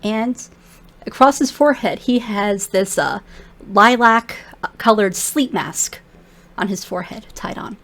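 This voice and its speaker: A woman narrating as game master in a relaxed, descriptive way with many fillers. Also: medium pitch, measured pace.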